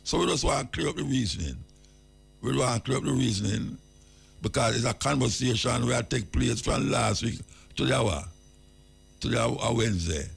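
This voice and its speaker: A man's voice: mid-range voice, gravelly, husky. An older man with a Jamaican accent, hosting a talk show and reasoning through a point, with emphatic repetition in patois. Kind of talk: casual radio reasoning.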